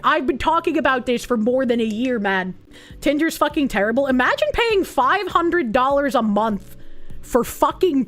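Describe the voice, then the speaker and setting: A woman's voice: high-pitched, a bit bright. A woman giving casual, opinionated commentary on the news, sarcastic and blunt with plenty of swearing and frequent laughter. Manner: laughs often.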